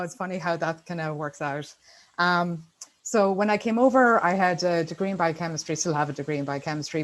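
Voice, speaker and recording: A middle-aged woman with an Irish accent speaks on a video call, her pitch a little low. Her talk is chatty and upbeat, and she often fills pauses with "um". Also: poor audio. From Ireland. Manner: chatty, upbeat, many fillers. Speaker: guest speaker. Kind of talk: casual presentation on a video call.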